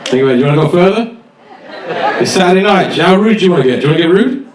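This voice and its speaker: Guy doing stand-up, swears a lot, picks on the crowd, slightly high voice, echoey room, from a distance. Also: expressive, racing. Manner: profane, teasing the audience. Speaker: stand-up comedian. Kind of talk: stand-up comedy set with crowd work. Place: comedy club stage. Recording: echoey club, distant mic, loud audience.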